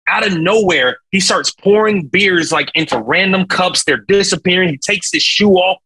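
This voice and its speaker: A young man, a singer, talking as a guest in a casual interview, telling a story in an animated, slangy way with sound effects. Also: high voice, normal speed, slight background noise, poor audio.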